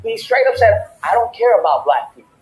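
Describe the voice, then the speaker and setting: A man's voice: high-pitched, expressive, a little fast, roomy sound, low-quality recording. A man hosting a casual talk show, telling a heated story and acting out both sides of the argument. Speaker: podcast host. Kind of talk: animated storytelling rant.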